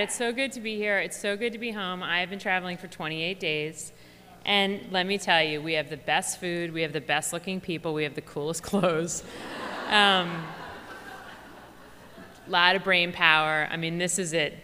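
Before an audience in a large hall, a woman author with a Philadelphia accent gives a lively, humorous stage talk, effusive and chatty and laughing often. Her lowish voice is steady and sharp at a moderate pace, and the sound is that of a big room.

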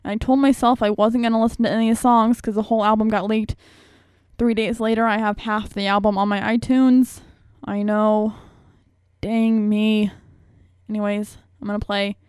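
A woman's voice: mid-range voice, flat delivery, normal speed, a little mellow, smooth, dry recording, clean studio sound. A young woman hosting a radio show, talking in a rambling, chatty, self-mocking way. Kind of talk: casual chat.

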